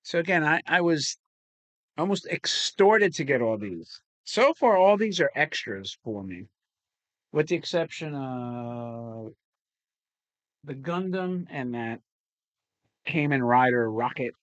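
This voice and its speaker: A man's voice: mid-range voice, animated, slow pace, pauses often, dry recording. A man hosting a casual unboxing chat, rambling and swearing casually as he talks. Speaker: toy collector host.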